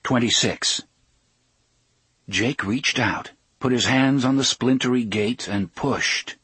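A man narrates a story with a very husky, breathy voice, measured and unhurried, easing off the pace at tense moments. The sound is close and dry, with no room around it. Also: medium pitch, fairly bright tone, no echo. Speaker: audiobook narrator. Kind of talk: scripted narration.

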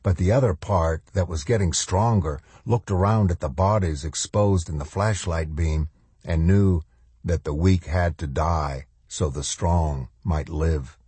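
A man narrating a novel in an audiobook with measured, even storytelling. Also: low-pitched, slightly rough, no room sound.

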